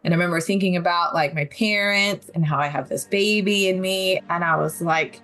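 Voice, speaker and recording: A woman's voice: on the low side, fairly quick, hardly any pauses, fairly bright tone. Woman candidly retelling a survival story. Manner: candid, vivid retelling with nervous laughs. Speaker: guest telling her survival story. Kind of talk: personal story in an interview.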